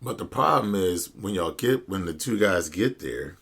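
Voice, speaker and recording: A man with a very low, gravelly voice hosts a podcast, telling a story bluntly in casual slang. His tone is a little husky, and he acts out both sides of the conversation as he goes. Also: moderate pace. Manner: animated, blunt, slangy, retells dialogue. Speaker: podcast host.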